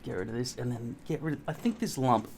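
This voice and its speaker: A man's voice: mid-range voice, quick pace, a little mellow, slight background noise. Rambling Australian man, blunt and self-mocking. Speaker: vlogger. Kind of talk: casual rambling monologue to camera.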